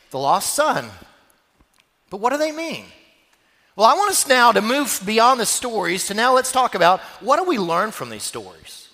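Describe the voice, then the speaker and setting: A man's voice: extremely high pitch, pushed and bright. A man pastor preaching a sermon, telling a story dramatically. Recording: long reverb of a church hall.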